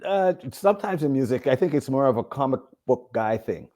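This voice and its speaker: Laid-back, mellow-voiced male rapper from Canada. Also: medium pitch, lively intonation, brisk. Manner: laid-back, rambling, laughs often. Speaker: guest rapper. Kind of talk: casual chat.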